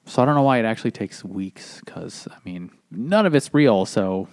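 A man co-hosting a casual podcast, thinking aloud in a deadpan way. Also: on the low side, normal speed. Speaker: podcast co-host. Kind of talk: casual chat over beers.

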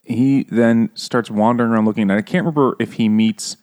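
A man's voice: medium pitch, fairly even intonation, brisk, a little mellow. A man in a casual book chat, irreverent and laughing, with crude jokes.

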